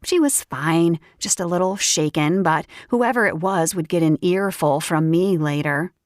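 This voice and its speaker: A woman's voice: fairly low pitch, measured pace, no echo. Woman narrating a romance audiobook, dry.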